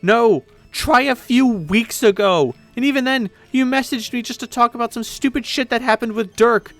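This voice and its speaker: A man voicing a furious young woman who shouts and snaps sarcastically at her friend, in a webcomic read aloud with voices. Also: very high voice, little pitch movement, a little fast, dry recording, faint music behind, voice pushed up.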